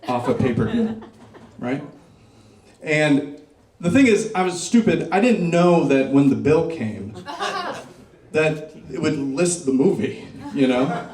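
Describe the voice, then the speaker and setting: Middle-aged man doing stand-up in a roomy club. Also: fairly high pitch. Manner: crowd work, deadpan dark punchlines. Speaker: stand-up comedian. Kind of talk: stand-up comedy set. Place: comedy club stage before a laughing crowd. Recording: roomy club sound, mic picked up from a distance.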